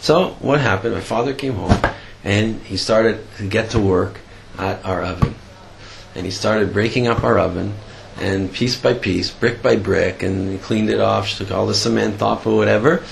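Gravelly man telling a sermon story. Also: fairly low pitch, steady tone, a little hiss or hum, rough recording. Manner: halting, clears throat often.

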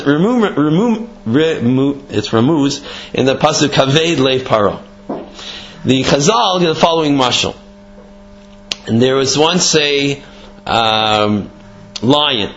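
Brief: man Torah teacher, conversational and lively, in a dull lo-fi recording. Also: on the high side, a little hiss or hum. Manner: animated, conversational explaining. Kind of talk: Torah class with storytelling.

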